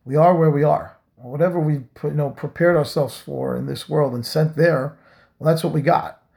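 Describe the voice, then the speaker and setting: A rabbi teaches a Torah lesson in a heavily gravelly voice that sits a little high for a man. His tone is mellow and dark. He speaks earnestly, drives points home by repeating phrases, and mixes Hebrew terms into his English. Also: steady tone, moderate pace.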